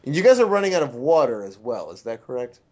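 A man's voice: mid-range voice, sing-song, quick pace, a little mellow. A man co-hosting a podcast in casual, teasing chat. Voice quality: teasing, joking. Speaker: podcast co-host. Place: US East Coast.

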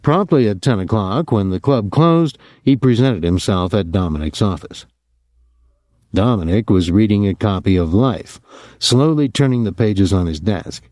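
A man reading a novel aloud in steady audiobook narration on a close mic. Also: fairly low pitch, normal speed, no echo.

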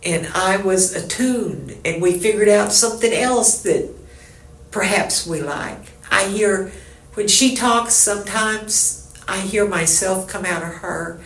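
A woman with a Texan accent tells her story in a loose, rambling way, full of restarts. Her voice carries a gravelly fry. The recording sounds roomy and echoey. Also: medium pitch, slow. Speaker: interviewee. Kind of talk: casual oral history chat. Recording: echoey room.

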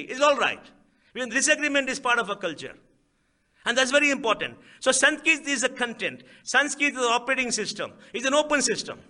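A man's voice: very high-pitched, pushed and bright. A man with an Indian accent giving a public speech at a book event, emphatic, asking rhetorical questions and repeating key phrases. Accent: Indian English.

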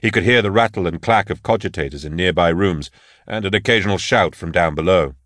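A man narrating an audiobook in a measured, steady way. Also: sits low, dry recording, clean studio sound. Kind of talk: scripted narration.

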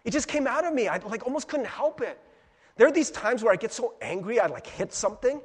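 A man preaching a sermon as pastor in a casual, animated way, acting out people's inner voices. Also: very high voice, a little fast, breathy edge, long reverb tail.

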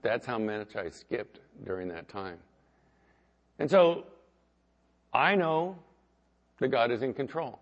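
A man preaching as pastor, talking conversationally and swinging between loud emphasis and quiet asides. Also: mid-range voice, expressive, slow, pauses often, lo-fi sound. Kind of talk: sermon.

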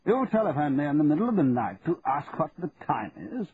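A man's voice: a little high, sing-song, fairly quick, voice pushed up. A man voicing a stiff male solicitor woken at night. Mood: put-out. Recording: tinny narrow band, faint hiss.

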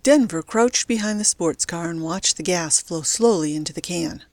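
A woman narrating a story in a steady, even reading voice. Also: on the low side, normal speed, no echo. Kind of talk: audiobook narration.

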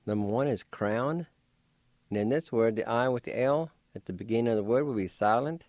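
A man giving a radio language lesson, spelling and pronouncing words slowly and deliberately, letter by letter, and encouraging listeners to practice. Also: mid-range voice, darkish tone, no echo.

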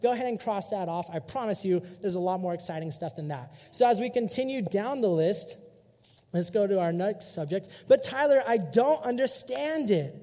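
A young man preaching a casual, energetic sermon as youth pastor to teenagers. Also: sits high, a little fast. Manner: casual, energetic, direct address. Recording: long hall reverb.

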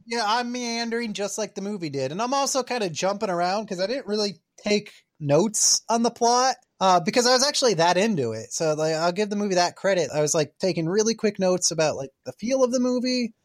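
A man's voice: high-pitched, animated, a little fast, few pauses. Rambling casual male podcast host. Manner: rambling, filler-heavy recap. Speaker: podcast co-host reviewing a film. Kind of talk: casual chat.

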